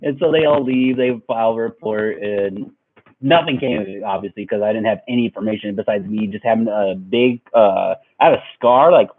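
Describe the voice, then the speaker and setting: A young man casually telling a rambling story to his viewers, animated and laughing along. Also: lowish voice. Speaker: vlogger. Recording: tinny phone-like audio.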